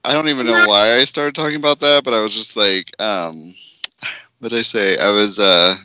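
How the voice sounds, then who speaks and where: Giggly bright-voiced man co-hosting. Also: fairly low pitch, moderate pace, clear, resonant tone. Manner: giggly, jokey, often breaks into laughter. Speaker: podcast co-host. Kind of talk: casual podcast chat.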